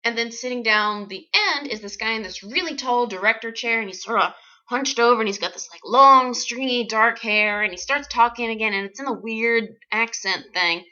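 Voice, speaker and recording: A woman with a bright, crisp voice recounting her own misadventure as an actress. She tells it in an animated, wry way, full of sarcastic asides. The sound is muffled and lo-fi. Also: a little high, normal speed. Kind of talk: comic personal storytelling.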